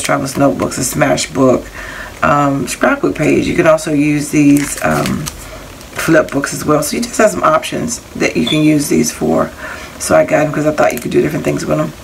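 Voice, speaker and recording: Low, gravelly-voiced woman showing craft finds. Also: slight background noise, low-quality recording. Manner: chatty and rambling, reading out prices and item numbers. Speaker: crafting haul vlogger. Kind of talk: casual show-and-tell of craft supplies.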